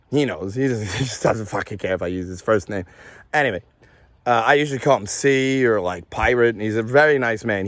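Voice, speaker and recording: A man's voice: on the low side, dry recording. A man telling an agitated personal story to camera, swearing and acting out what others said. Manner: agitated, animated, swearing, acts out others' lines. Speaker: vlogger.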